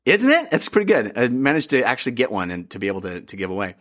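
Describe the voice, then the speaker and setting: A man hosting a podcast, upbeat and excitable, chatting casually about games with plenty of fillers. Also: lowish voice, rapid-fire. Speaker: podcast host. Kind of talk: casual chat.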